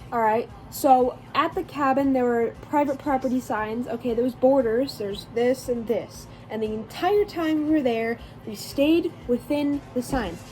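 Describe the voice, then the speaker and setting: A woman's voice: high voice, warm tone, poor audio. A teenage girl narrating her vacation vlog in a rambling, chatty way, full of fillers and restarts. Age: teens. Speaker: vlogger. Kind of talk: casual voice-over storytelling.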